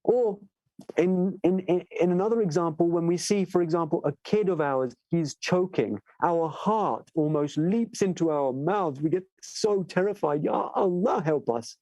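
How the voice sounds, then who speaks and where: A man giving a sermon, telling stories with animated delivery and asking listeners "right?" as he goes. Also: a little high, normal speed, no room sound, rough recording. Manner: animated storyteller, acts out voices in tales. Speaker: shaykh giving a majlis lecture. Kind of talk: sermon with storytelling.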